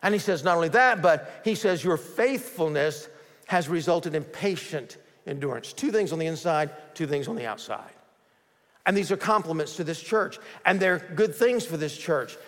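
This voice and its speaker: High-voiced preaching man in a big echoing hall. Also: lively intonation, normal speed, fairly bright tone. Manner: preaching with swelling emphasis, dropping low to mimic doubters. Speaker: pastor. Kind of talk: sermon.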